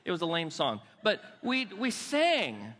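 An older male pastor preaching to his congregation with a fairly high, bright and forceful voice. He talks in a conversational way, restarting words and dropping soft and slow to land a point. A long reverb from the large church hall trails behind him. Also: huge pitch swings. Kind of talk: sermon. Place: church sanctuary.

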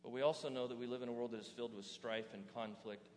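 Animated male pastor preaching in a hall. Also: fairly low pitch, fast, hardly any pauses, a little hiss or hum. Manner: animated preaching, rhetorical questions to the audience. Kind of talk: sermon. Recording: reverberant hall.

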